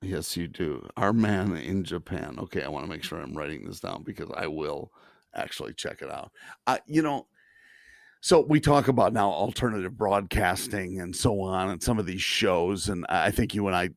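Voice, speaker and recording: A man co-hosting a podcast in casual chat, talking in a halting way with many restarts and the odd chuckle. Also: low-pitched, vocal fry, no room sound, clean studio sound. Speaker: podcast co-host.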